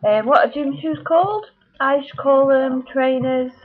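A British woman vlogger from the United Kingdom reads a word list one by one and chattily answers questions about what she calls things. Her voice sits high and unhurried, with slight background noise and a tinny, phone-like sound.

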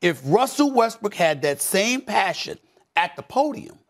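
A middle-aged man giving heated sports commentary, emphatic, repeating phrases and swinging from low mutters to shouts. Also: sing-song, unhurried.

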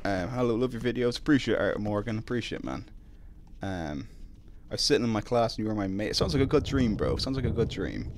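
A young Irish man streaming a video game live, chatting casually, reading out viewer messages and reacting loudly when startled. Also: on the low side, expressive, fast, slight background noise. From Ireland. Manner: casual, reads chat aloud, yelps when startled. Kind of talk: live gameplay stream chat.

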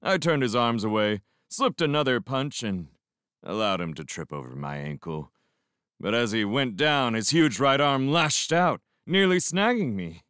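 A man narrating a novel in the first person as a fan audiobook reader, with an expressive delivery and reflective pauses. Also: mid-range voice, clear, resonant tone, no room sound, studio quality.

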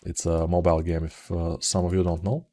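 A man's voice: deep voice, level tone, fairly quick, mellow. A middle-aged man with a Bulgarian accent, rambling with silly jokes while he works through a 3D modeling tutorial. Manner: rambling, self-mocking, jokey asides. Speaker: 3D art tutor. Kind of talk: live commented modeling tutorial.

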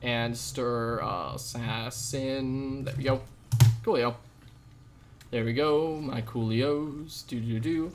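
A man's voice: mid-range voice, slow, pauses often, background noise. Rambling young male game streamer. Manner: jokey, rambling, sudden loud outbursts. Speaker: gaming streamer. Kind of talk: live gameplay commentary with chat.

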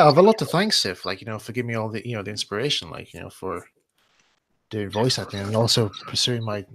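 A man hosting a live stream, chatting casually in an animated way with quick laughs and restarts. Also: on the low side, slight background noise. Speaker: voice actor and stream host.

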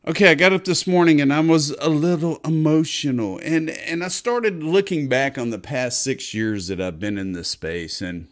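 A talkative man in his fifties from Texas, hosting his own show with blunt, salty commentary. His voice sits a little high for a man, and his loudness keeps rising and falling as he talks. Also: moderate pace, hardly any pauses. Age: 50s. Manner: blunt, profane, chatty with swings of loudness. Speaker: crypto show host. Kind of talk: casual morning video commentary.

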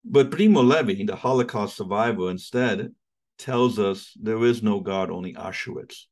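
A middle-aged man from New giving an impassioned lecture in a preaching style, with big swings in pitch and loudness and repeated words. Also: normal speed. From United States. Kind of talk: sermon-like lecture.

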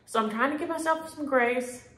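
A middle-aged woman, chatting homey and warmly to her viewers about stitching and mail. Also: high-pitched, normal speed. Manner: homey, chatty, uses y'all. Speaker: flosstube host. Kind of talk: casual chat to camera. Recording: echoey room.

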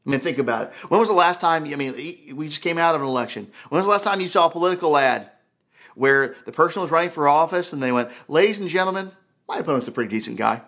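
A pastor preaching a sermon in an animated, conversational way, full of rhetorical questions. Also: male voice, on the high side, quick pace. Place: church.

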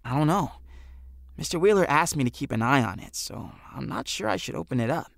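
A worried, earnest teenage boy, read by a man in an audiobook. He speaks quietly and low-key, his voice a little gravelly and dry. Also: lively intonation, fairly quick, no echo. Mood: subdued. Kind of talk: audiobook character voice.

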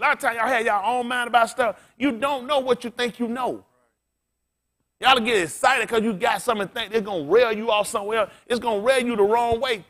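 A male pastor with a high-pitched, somewhat bright voice preaches a blunt, colloquial sermon. He swears freely and fires questions at the congregation.

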